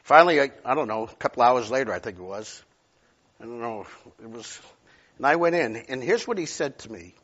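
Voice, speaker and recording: A male pastor preaching a sermon, telling stories and swinging from loud outbursts to near whispers. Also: medium pitch, animated, brisk, muffled recording.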